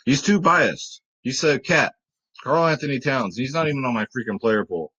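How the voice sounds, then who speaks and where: A man's voice: medium pitch, normal speed, pushed and bright, slightly rough, muffled recording. Chatty joking man giving sports picks. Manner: chatty and joking, talks to his cat. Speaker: fantasy sports picks host. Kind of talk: casual chat.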